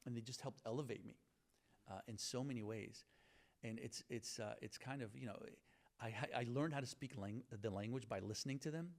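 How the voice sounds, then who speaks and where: A man's voice: mid-range voice, brisk, creaky. A middle-aged man with a Southern US accent, telling stories in an earnest, grateful way during an interview, often restarting his sentences. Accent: Southern US (Virginia). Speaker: guest. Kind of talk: conversational interview storytelling.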